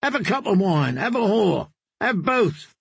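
A man's voice: high-pitched, sing-song, a little slow, creaky, a bit bright, slightly rough, no room sound, voice pushed up, heavily acted. A man doing a drunken swaggering young singer. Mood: tipsy boastful. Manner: teasing, swaggering. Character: drunken young male singer, boastful and merry.

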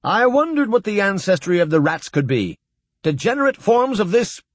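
An eager, curious scientist who exclaims and fires questions, his voice leaping well above the reader's own as a man acts him out. A storybook figure, loud with excitement. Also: fairly high pitch, moderate pace, husky, dry recording, pitched above the performer's own voice, heavily acted. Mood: excited.

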